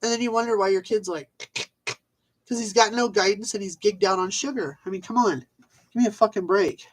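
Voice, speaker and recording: A woman's voice: mid-range voice, a little fast, breathy edge, poor audio. A woman vlogging a rambling, exasperated rant, swearing and trailing off with fillers. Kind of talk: ranting casual monologue.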